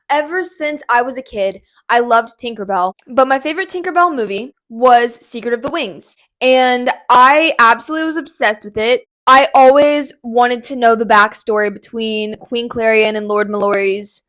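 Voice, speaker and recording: A young woman vlogging from her home kitchen, gushing about a book in a rambling, excited casual chat. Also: a little high.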